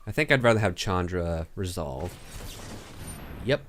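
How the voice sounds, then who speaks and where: Low-voiced man thinking aloud. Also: animated, a little slow, fairly bright tone, slight background noise. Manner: thinks aloud, counting damage under his breath. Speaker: streamer playing a digital card game. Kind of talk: casual gameplay commentary.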